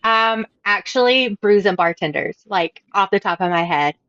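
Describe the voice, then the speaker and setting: A woman's voice: mid-range voice, expressive, normal speed, fairly bright tone, dry recording, highs cut off. A bubbly woman author in her thirties, chatting casually on a podcast and laughing at her own stories. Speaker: author guest.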